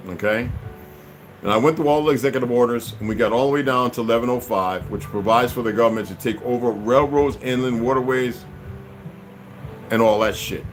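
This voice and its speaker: Angry profane man ranting loudly. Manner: angry, profane, swings loud and high. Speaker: channel host. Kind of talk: profane rant to camera.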